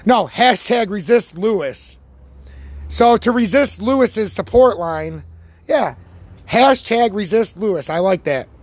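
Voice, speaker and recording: Taking it slowly, with no echo on the recording, a crypto chart channel host tears into the market in a rant. His voice is slightly high and tired, and his loose, fired-up commentary is packed with swearing and lively sports comparisons.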